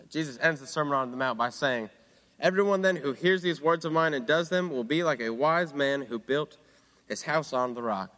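A young man giving an earnest sermon to fellow students, dropping low and quiet on quoted words. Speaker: student preacher. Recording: long hall reverb.

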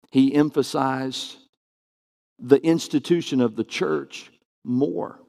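A man preaching a sermon to his congregation, earnest and emphatic, slowing and speeding up to stress his points. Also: a little high, vocal fry. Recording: long reverb of a church hall.

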